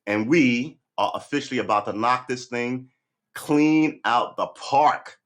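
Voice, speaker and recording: A man hosting a casual home livestream, relaxed and chatty, often coaxing his dog in a sing-song voice. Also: medium pitch, a little slow. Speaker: livestream host. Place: home room.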